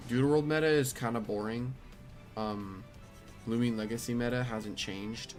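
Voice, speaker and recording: A man's voice: mid-range voice, steady tone, normal speed. A tired young man answering chat questions offhand while he streams a game. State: tired, flat. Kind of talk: casual live-stream chat. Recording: game music behind the voice.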